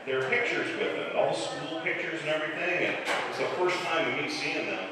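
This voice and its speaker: A stand-up comedian in his forties from the Chicago area with a slightly softened Chicago accent, telling self-deprecating stories in a dry way with filler pauses. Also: fairly high pitch, very animated, distant mic, noisy background. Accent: Chicago, mostly softened. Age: 40s. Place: live comedy club stage. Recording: echoey club hall, mic heard from afar.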